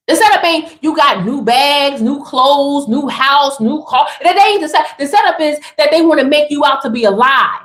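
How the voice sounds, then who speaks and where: A woman's voice: high voice, roomy sound. A woman giving an emphatic, sassy motivational spiritual talk straight to her listeners.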